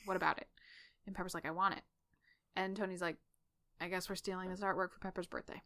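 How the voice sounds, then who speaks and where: A woman co-hosting a podcast, casually recapping a story with lively quoted dialogue and frequent laughter. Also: fairly low pitch. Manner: animated retelling with quick voiced quotes and laughs. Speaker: podcast co-host. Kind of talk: casual fanfic recap chat.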